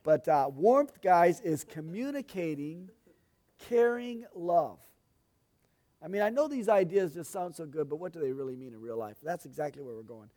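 Middle-aged male pastor, fairly high voice, homespun and talkative from the pulpit. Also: animated, moderate pace, dark tone. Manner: folksy, chatty, asides to the congregation. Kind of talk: sermon-style teaching.

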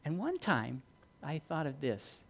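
His pitch swings enormously as this middle-aged pastor preaches a bit slowly. The sermon is earnest and driven by stories, moving from loud emphasis to quiet, low-key passages.

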